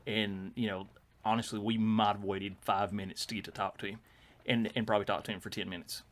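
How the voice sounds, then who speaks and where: A man's voice: on the low side, little pitch movement, a little fast. A middle-aged man, telling stories in casual podcast chat, rambling with fillers and restarts. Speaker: podcast co-host.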